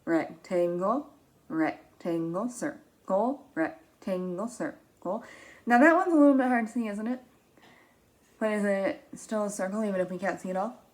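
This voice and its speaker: A woman teaching young children, reading a picture book aloud in an animated, expressive way, gasping and asking them questions. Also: mid-range voice. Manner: animated and expressive, with frequent gasps and drawn-out words.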